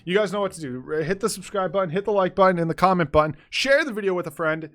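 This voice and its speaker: A young man with a fairly high voice tells a story casually over gameplay, animated and laughing as he goes. His pace swings between rushed and drawn out. Faint game music plays behind him. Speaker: gaming YouTuber.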